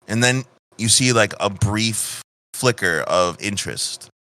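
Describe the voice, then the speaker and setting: A man narrating as game master, casual and profane, often restarting his sentences. His voice is bright and forward, recorded dry and close. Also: on the low side, unhurried, dry recording.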